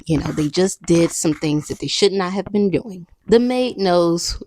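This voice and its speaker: A woman's voice: on the low side, expressive, measured pace, darkish tone, a little hiss or hum. A woman hosting a podcast, chatting casually through a film recap with sassy asides. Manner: chatty, sassy asides, breaks into character voices. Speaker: podcast host.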